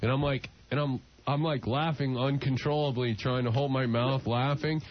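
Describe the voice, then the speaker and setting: A man's voice: medium pitch, fairly even intonation, moderate pace, a crowd in the background. A blind man telling a rambling, laughing story as a guest on a radio show. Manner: laughing, rambling, imitates others. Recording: muffled radio broadcast.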